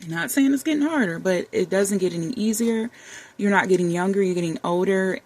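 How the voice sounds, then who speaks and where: A woman in her thirties talking candidly to camera in a heartfelt, conversational way, calling her viewers y'all and baby. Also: lowish voice. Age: 30s. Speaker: vlogger. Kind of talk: candid personal talk to camera. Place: warm room with the air conditioner running.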